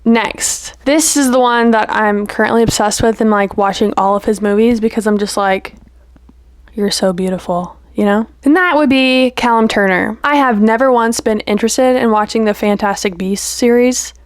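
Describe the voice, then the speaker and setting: A young woman talks straight to camera in a loose, chatty vlog, gushing and playful with a steady stream of "like" and "you know". Her voice sits a little high, and the recording is close and dry, with no room sound. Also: normal speed, hardly any pauses, dry recording. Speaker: vlogger. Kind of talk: casual chat to camera.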